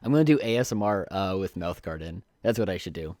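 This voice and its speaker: A man's voice: low-pitched, animated, fast talker, darkish tone, no room sound, clean studio sound. A man doing casual live game commentary, chatty and jokey, thinking aloud as he plays into a desk microphone. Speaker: streamer.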